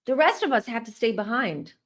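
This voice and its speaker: A woman's voice: on the high side, lively intonation, brisk, fairly bright tone. Young woman doing a tarot channel, chatty and casual, just talking to her viewers. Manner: chatty, addresses viewers directly. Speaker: psychic tarot reader. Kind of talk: casual storytelling to camera.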